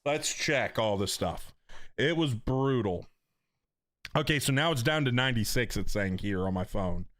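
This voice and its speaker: A man's voice: medium pitch, lively intonation, moderate pace, a bit bright, no room sound. A middle-aged man from North Carolina, chatting casually and joking with viewers on a gaming stream. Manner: chatty, joking, slangy, reads chat aloud. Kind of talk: casual live-stream chat.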